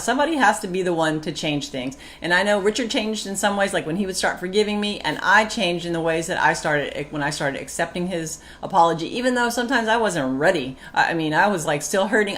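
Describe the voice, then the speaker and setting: A woman's voice: fairly low pitch, fast, hardly any pauses. A woman co-hosting a marriage talk, chatting casually and acting out her old arguments. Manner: animated, acts out her past outbursts. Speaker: co-host of a marriage talk show. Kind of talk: casual chat with reading aloud.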